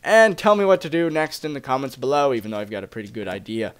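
Talking fast to his audience, a young Let's Play gamer keeps up chatty, excitable commentary as he plays. He speaks at a medium pitch with a clear, resonant tone.

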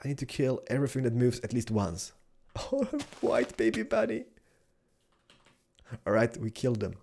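A young man giving excitable Let's Play commentary, exclaiming and chatting to the animals he finds. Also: mid-range voice, fast talker, a little hiss or hum. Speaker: gaming YouTuber.

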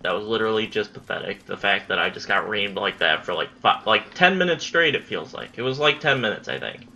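A young man talks over his own game in loose, profane commentary, complaining and cursing at his opponent. His voice is bright and lively, leaping up and dropping low. A faint hiss sits under the recording. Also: brisk. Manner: frustrated, swearing, mutters at the enemy. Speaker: gameplay commentator. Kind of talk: casual gaming commentary.

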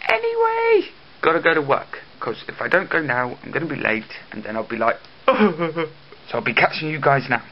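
A man vlogging in a casual, jokey way, swinging from mumbled asides to loud excited bursts, on dull lo-fi camera audio with faint hiss. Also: on the high side, normal speed. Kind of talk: casual vlog.

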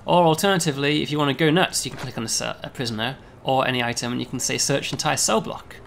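A man, a game developer, casually explaining a game demo, often pausing on "um" and checking with "right?". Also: medium pitch, gravelly, a bit bright, slight background noise.

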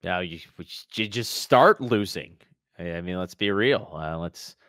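A man from Quebec in his thirties calls card game action with playful excitement. His pitch swings widely, and the sound is dry and close. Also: measured pace, no room sound. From Quebec, Canada. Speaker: commentator.

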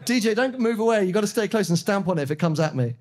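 Excitable podcast host on stage. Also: male voice, sits high, fast. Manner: excitable storyteller, animated and joking. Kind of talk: live podcast banter. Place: stage before a live audience.

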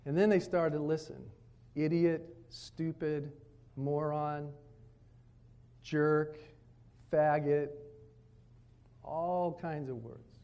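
A man preaching at a retreat, telling stories and acting out his children's lines in a lively, varied way. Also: a little high, very slow, pauses often, clean tone. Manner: storytelling preacher, animated, quotes his kids. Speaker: pastor. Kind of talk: sermon at a retreat. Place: retreat meeting room.

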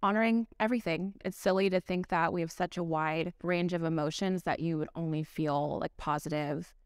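A woman's voice: fairly low pitch, steady tone, fairly quick, smooth, dry recording, clean studio sound. A woman speaking on a panel at an event, reflective and easygoing. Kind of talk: casual panel talk.

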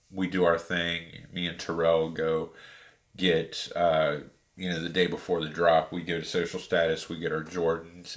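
Very deep-voiced man telling a story. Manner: animated retelling with many fillers. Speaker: sneaker reviewer. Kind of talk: casual storytelling.

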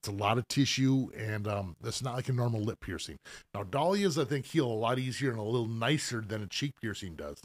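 A middle-aged man at a mid pitch, talking shop about piercings on a casual live stream. He explains things loosely and patiently, with fillers and restarts as he goes. The sound is dry and close, with almost no room. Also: lively intonation, a little fast, no room sound. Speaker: professional piercer hosting a live Q&A.

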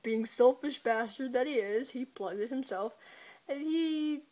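A woman's voice: sits high, unhurried, darkish tone. A woman giving a casual, joking episode recap, irreverent and giggly, swearing often and breaking into laughter. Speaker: video reviewer.

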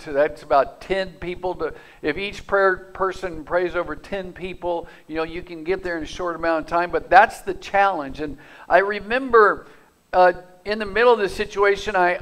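A male pastor telling a story in a sermon, lively in the telling and sinking to a soft, hushed tone when he prays. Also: high voice. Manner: animated storytelling that drops to soft, hushed prayer.

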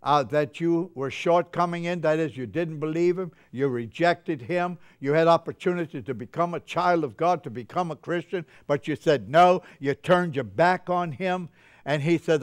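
A man's voice: a little high, moderate pace, clean tone. An older man preaching a sermon in a chapel, fervent and getting carried away with joy.

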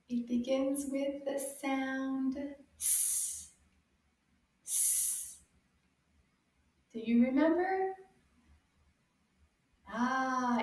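A woman teaching children French words, encouraging them and repeating each word slowly with sound clues. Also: high-pitched, recorded from a distance. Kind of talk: slow, drawn-out teaching for kids. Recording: very echoey room, a bit off-mic.

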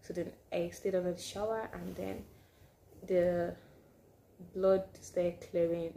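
A woman chatting to her camera in a casual vlog. Her voice sits a little low and sounds mellow and warm. She tells her story with lively swings, now and then sinking into a hushed aside. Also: slow, vocal fry, slight background noise. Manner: animated, drops to hushed asides. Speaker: vlogger.

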